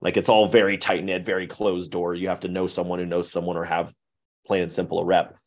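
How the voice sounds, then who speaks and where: Deep-voiced man talking candidly. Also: little pitch movement, brisk. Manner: rambling, candid, self-correcting. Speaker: guest, web series creator. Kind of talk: casual podcast conversation.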